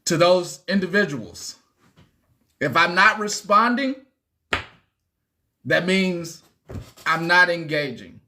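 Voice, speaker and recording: A man hosting a casual livestream, emphatic and repetitive, sometimes dropping low and soft. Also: animated, slow pace, pauses often, a little hiss or hum. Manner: emphatic, repeats himself, drops low and soft when reflective. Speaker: livestream host. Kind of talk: casual live-stream chat.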